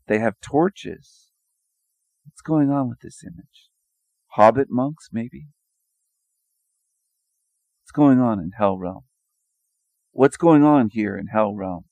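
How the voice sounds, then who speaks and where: A man's voice: mid-range voice, slow pace, vocal fry, long pauses, a little mellow, no echo. A man giving a sarcastic, mocking monologue over images, firing rhetorical questions and repeating his phrases. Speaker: video commentator.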